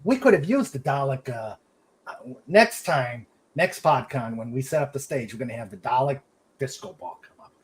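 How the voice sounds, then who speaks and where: A man's voice: medium pitch, lively intonation, normal speed, husky. A man hosting a casual podcast, reading chat comments aloud and laughing often.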